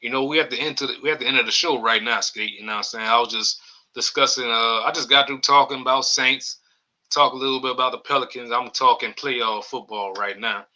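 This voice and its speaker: A man's voice: mid-range voice, fairly even intonation, fairly quick, pushed and bright, rough recording. A man hosting a casual live-stream sports podcast, rambling loosely and reading chat comments aloud. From New Orleans area. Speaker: podcast host.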